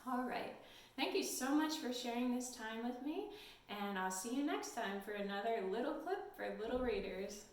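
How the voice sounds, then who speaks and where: A woman leading a storytime lesson for toddlers in a gentle, sing-song, encouraging way, recorded in a library room. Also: fairly high pitch, animated, normal speed. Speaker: children's librarian. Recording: echoey room, mic at a distance.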